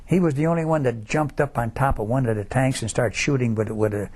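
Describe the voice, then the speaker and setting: A man in his nineties, a war veteran, recalls his memories in a halting, rambling way, full of restarts and "you know.". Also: medium pitch, darkish tone. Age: 90s. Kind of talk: oral history recollection.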